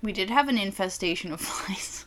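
Young woman, casual co-host, chatty and profane, mid-pitched, acts out quotes. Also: expressive, normal speed, a bit bright. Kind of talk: casual chat, beer tasting.

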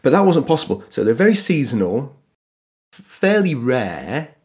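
This guest is a man from Yorkshire, England, talking food history in a relaxed, chatty way with a Yorkshire accent, frequent laughter and restarted sentences. He speaks at normal speed in a mid-range, darkish voice with big pitch swings.

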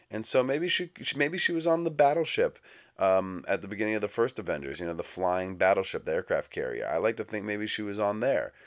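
A young adult man hosting a comedic movie podcast, riffing sarcastically and acting out little scenes. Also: low-pitched. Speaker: podcast host.

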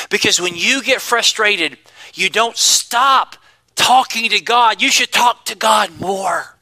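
A man preaching a sermon to his congregation, emphatic, swinging between loud declarations and hushed asides. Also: high voice, low-quality recording. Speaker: pastor.

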